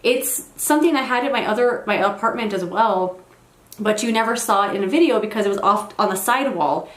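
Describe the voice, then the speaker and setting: A woman's voice: medium pitch, animated, fairly quick, reverberant. A young woman chatting casually as a beauty vlogger in her bedroom, rambling with self-deprecating asides. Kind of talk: casual get-ready-with-me chat. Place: bedroom at home.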